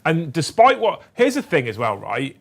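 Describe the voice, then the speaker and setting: A man co-hosting a livestream, talking bluntly and with energy and dropping swear words as he goes. His voice sits a little high for a man. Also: moderate pace, vocal fry. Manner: blunt, animated, swears freely. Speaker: co-host of a livestream show. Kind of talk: casual livestream chat.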